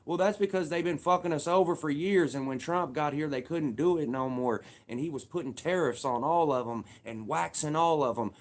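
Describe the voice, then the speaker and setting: A man's voice: fairly high pitch, normal speed, hardly any pauses. A man in his thirties giving a heated, profane casual rant, repeating himself for emphasis. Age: 30s.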